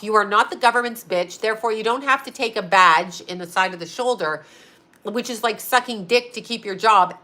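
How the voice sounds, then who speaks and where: A middle-aged woman hosts a stream in a fired-up, profane monologue. She speaks with a slight lisp in a bright, forceful voice pitched a little high, and hammers her points by saying them again and again. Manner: blunt, profane, repeats herself for emphasis. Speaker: host. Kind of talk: ranting livestream monologue.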